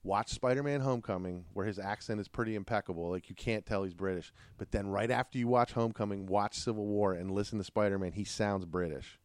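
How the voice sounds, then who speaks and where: A middle-aged man, a father hosting a family podcast, chatting casually, animated and joking. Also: on the low side, fast talker, hardly any pauses, no echo. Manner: animated, joking, laughs often.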